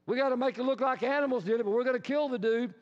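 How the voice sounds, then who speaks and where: A man voicing a group of jealous brothers with a pitched-up, falsely innocent manner, recorded in a reverberant hall with dull, lo-fi sound. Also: very fast. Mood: plotting.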